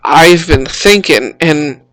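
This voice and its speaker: A woman's voice: deep voice, expressive, slow pace, fairly bright tone, no room sound, voice pushed down, exaggerated voice, low-quality recording. A woman voicing a nervous, frightened man in hiding, who talks in a panicked, pleading whimper. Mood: scared, pleading.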